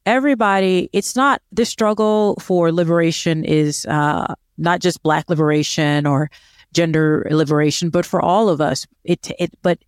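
A woman's voice: lowish voice, steady tone, normal speed, no room sound, studio quality. A woman co-hosting a podcast in casual chat, explaining in an earnest, emphatic way. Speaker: podcast co-host.

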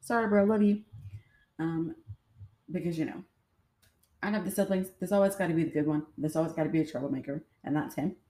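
A young adult woman vlogger tells viewers her own stories in a low-pitched, dark-toned voice, talking fairly quickly but pausing often. She's chatty and rambling, with plenty of fillers, and the room sounds echoey.

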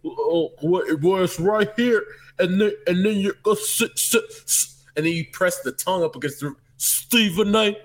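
A man's voice: high-pitched, moderate pace. A man co-hosting a sports podcast, chatting casually and enthusiastically about basketball. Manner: animated, enthusiastic. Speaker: podcast co-host.

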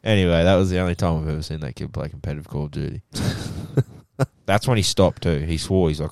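A young Australian man telling stories in casual podcast chat, animated and full of swearing. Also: low voice, fairly quick, vocal fry, no echo, clean studio sound. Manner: animated storytelling, heavy swearing. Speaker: podcast co-host.

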